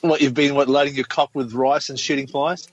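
A man's voice: mid-range voice, fairly even intonation, brisk. A man talking in a sarcastic, sweary way in a casual chat, ranting with dry jokes. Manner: sarcastic, sweary, rants about politics. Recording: dull lo-fi recording.

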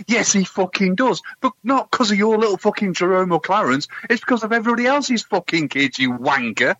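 A man with a bright, sharp voice, ranting loudly and swearing constantly. His pitch runs high and leaps around a lot. The recording sounds dull and lo-fi, with a faint hiss underneath. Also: very animated, normal speed. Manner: loud, ranting, heavy swearing. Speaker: podcast co-host. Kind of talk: casual sweary chat.

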